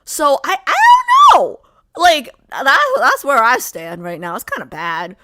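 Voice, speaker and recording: A woman's voice: on the high side, wildly swooping pitch, measured pace, background noise. A young woman hosting a livestream, chatting casually with viewers in a rambling, filler-heavy way. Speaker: livestream host. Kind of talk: casual chat with live viewers.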